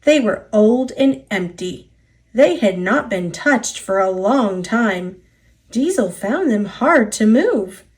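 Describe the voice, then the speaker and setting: A woman with an American accent reading a children's picture book aloud, clear and expressive. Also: mid-range voice, slow. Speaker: storyteller.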